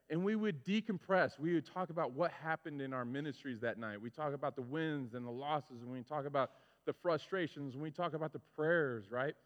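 A male pastor preaching a sermon, telling stories with lively, animated delivery and acting out his own frustrations. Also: medium pitch. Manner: animated storytelling, acts out his own complaints. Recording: muffled sound with long hall reverb.

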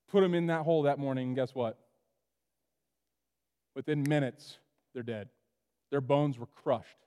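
A man preaching a sermon to his church, animated, acting out the voices of the people in the story. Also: medium pitch, unhurried, pauses often, smooth, in a large hall. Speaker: pastor.

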